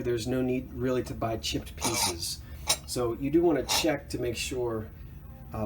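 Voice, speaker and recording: A middle-pitched man chats his way through a thrift haul, excited about each piece he found. He rambles and backtracks, with lots of ums and uhs. A faint background hum sits under his voice. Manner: rambling, chatty, with frequent fillers and self-corrections; enthusiastic about his finds. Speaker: thrift reseller vlog host. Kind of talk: casual show-and-tell chat.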